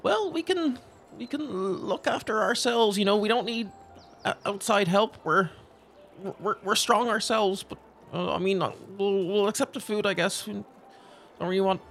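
A man's voice: high-pitched, moderate pace, vocal fry, a bit bright, slight background noise, voice pushed up. A man voicing a proud, wary old woman villager who grudgingly accepts help. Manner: grudging, defensive.

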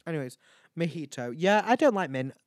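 A man's voice: on the high side, big pitch swings, a little fast, no room sound, studio quality. A tired, tipsy man rambling and swearing as he hosts his own chat show. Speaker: podcast host. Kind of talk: casual solo chat.

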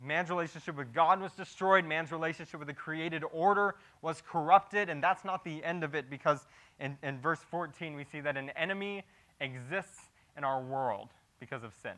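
A man preaching through a passage verse by verse, his voice fairly high and bright with a sharp edge. He sinks to a grave hush on heavy points, then pushes up to loud, animated emphasis, restarting and repeating words as he goes. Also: moderate pace, poor audio. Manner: swings between hushed gravity and loud animated emphasis; frequent restarts and repeated words when improvising. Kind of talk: expository sermon.

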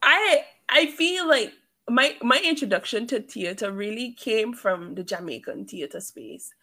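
A woman's voice: fairly high pitch, animated, a little slow, bright, forceful tone. A young woman co-hosting a podcast, chatting in a playful, teasing way and repeating phrases for effect. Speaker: podcast co-host. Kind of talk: casual chat.

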